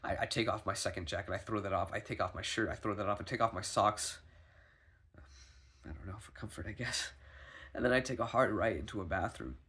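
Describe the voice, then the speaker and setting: Husky anxious man recounting a dream. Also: on the low side, brisk, pushed and bright. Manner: rambling, anxious, swearing, many restarts. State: sick, foggy. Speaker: vlogger. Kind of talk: personal video diary.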